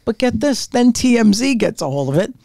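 A woman in her sixties, a retired comedian and podcast guest, telling stories in a brash, profane, animated way. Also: on the high side, fairly quick. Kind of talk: casual storytelling. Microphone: podcast mic on camera.

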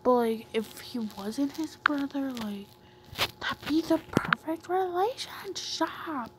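A woman's voice: sits high, expressive, slow pace, heavy background noise. A woman talking casually as a new YouTuber, rambling with many fillers and often half-whispering. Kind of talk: casual comic-reading vlog.

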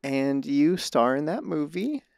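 A man's voice: fairly high pitch, sing-song, a little slow, creaky, a little mellow, no echo, studio quality. A man hosting a casual podcast interview, talking in a hesitant way with many restarts. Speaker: podcast host.

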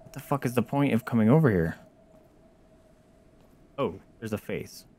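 Animated man streaming a game. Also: mid-range voice, a little hiss or hum. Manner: animated, swearing, quick exclamations and reactions. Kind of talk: casual gameplay commentary.

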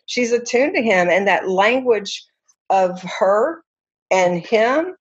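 An earnest woman counselor explains at an even pitch, telling her examples with animated emphasis. The sound is a little dull and lo-fi, like a remote recording. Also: takes it slowly. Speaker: counselor guest. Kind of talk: conversational explanation.

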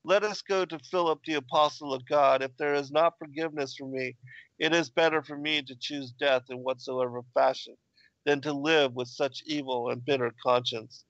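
A man reading the lines of a grieving male donkey driver in a plain, measured way. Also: mid-range voice, steady tone, fairly bright tone, no echo, lo-fi sound, close to an everyday voice.

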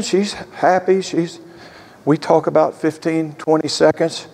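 A man's voice: fairly high pitch, measured pace, darkish tone. An older man in his sixties, a pastor preaching a sermon as an earnest storyteller. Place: church sanctuary. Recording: echoey church hall.

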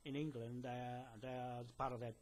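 A man's voice: mid-range voice, little pitch movement, fairly quick. A man delivering a direct-to-camera message to a police detective indoors, rambling with many fillers and restarts, insistent and lecturing. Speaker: land claimant addressing a police detective. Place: indoors in a building.

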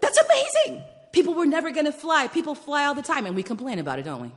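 A woman in her forties telling personal stories in a sermon, swinging between hushed whispers and loud exclamations. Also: high-pitched, sing-song, quick pace, long reverb tail. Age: 40s. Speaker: guest preacher and storyteller. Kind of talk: storytelling sermon. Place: church sanctuary.

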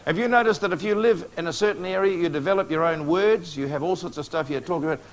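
A man's voice: on the high side, fast talker, slight background noise. A man preaching a prophecy lecture to a live audience, coaxing responses with questions and joking asides.

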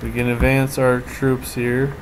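A man at a middle pitch talks through his moves in a strategy game, thinking aloud and restarting his sentences. A steady hum of background noise runs under his voice. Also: a little slow. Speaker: let's play commentator. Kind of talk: casual strategy game commentary.

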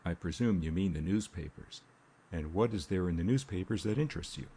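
A man voicing a suave, languid wealthy gentleman in an audiobook, with a smooth, drawling manner. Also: low voice, a little fast, slight background noise. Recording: faint rain ambience behind.

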